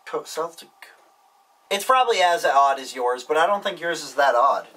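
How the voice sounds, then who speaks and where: Young male vlogger, deadpan joker reading fan mail; bright, edgy tone, mic set back. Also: on the high side, moderate pace, recorded from a distance, poor audio. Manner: dry, wisecracking asides. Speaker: YouTuber reading viewer mail. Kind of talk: casual vlog, reading postcards aloud.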